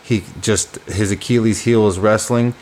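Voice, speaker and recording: A man co-hosting a casual podcast speaks in a low voice. His pitch barely moves, yet he sounds eager as he backs his pick. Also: fairly even intonation, normal speed, darkish tone, a little hiss or hum. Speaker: podcast co-host.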